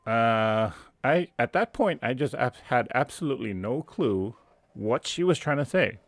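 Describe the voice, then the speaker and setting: A man's voice: mid-range voice, lively intonation, a little slow, no room sound. A man hosting a live stream, casually telling a family anecdote in a rambling, self-correcting way and chuckling at his own story. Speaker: host.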